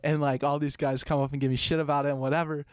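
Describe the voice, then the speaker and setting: A man's voice: fairly high pitch, little pitch movement, fast talker, clear, resonant tone, dry recording. A young man, a podcast co-host, telling a work story in a rambling, casual way with lots of fillers.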